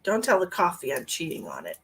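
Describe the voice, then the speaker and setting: A woman's voice: low voice, huge pitch swings, fairly quick, husky. Chatty woman hosting a live stream. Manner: chatty, greets viewers by name, rambling asides. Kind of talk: casual live-stream chat.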